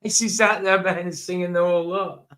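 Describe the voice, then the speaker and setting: A man hosting a casual livestream chat, talking in a halting way with many pauses, fillers and self-corrections. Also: high-pitched, fairly even intonation, a loud crowd. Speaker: livestream host.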